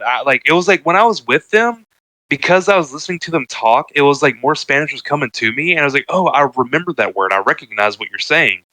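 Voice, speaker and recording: A man's voice: medium pitch, bright, forceful tone, dry recording, rough recording. A young man telling a story in casual podcast chat, laid-back and rambling with lots of filler words. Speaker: podcast co-host.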